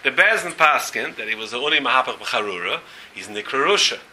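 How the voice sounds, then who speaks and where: A man's voice: medium pitch, lively intonation, quick pace, sharp tone, a little hiss or hum, low-quality recording. A man giving a Talmud lecture as rabbi to a class, talking emphatically and firing questions at the room. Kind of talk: Talmud lecture with interjections from students.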